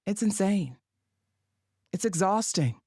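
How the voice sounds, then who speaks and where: A woman's voice: medium pitch, lively intonation, slow, warm tone, breathy edge, dry recording, studio quality. A woman hosting a commentary monologue, sassy and sarcastic in her delivery. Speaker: podcast host.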